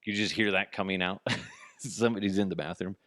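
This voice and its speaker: A man's voice: low-pitched, fairly even intonation, fairly quick, fairly bright tone, no echo, clean studio sound. A man hosting a comedy podcast, rambling through a casual monologue with frequent asides and free swearing. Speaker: podcast host.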